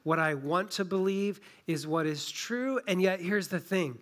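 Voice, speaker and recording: A pastor preaching a sermon in a conversational, emphatic way, walking through a scripture passage with a story and a local example. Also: male voice, high voice, measured pace, fairly bright tone. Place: church in a small town.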